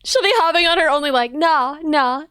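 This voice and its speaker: A woman livestreaming in a casual, playful chat with viewers, her voice a bit hoarse, thanking people and joking about herself. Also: sits high, normal speed, sharp tone, no echo, studio quality.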